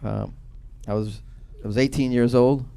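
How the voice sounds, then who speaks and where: A man in his thirties from Boston doing a stand-up comedy set, telling a loose, profane story with sudden loud bursts. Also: mid-range voice, fairly even intonation, normal speed, creaky. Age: 30s.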